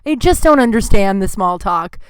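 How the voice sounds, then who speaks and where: A woman's voice: mid-range voice, expressive, moderate pace, smooth, no echo. A woman hosting a podcast, telling a story in a casual, grumpy monologue full of "like" fillers. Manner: chatty, heavy use of "like" fillers; grumpy, complaining tone. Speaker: podcast host.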